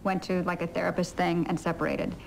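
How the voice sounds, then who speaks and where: A woman's voice: on the low side, steady tone, fast, creaky, a little hiss or hum, rough recording. Giggly middle-aged woman telling a story. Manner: giggly, acts out her own past lines. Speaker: interviewee. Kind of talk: candid interview storytelling. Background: music.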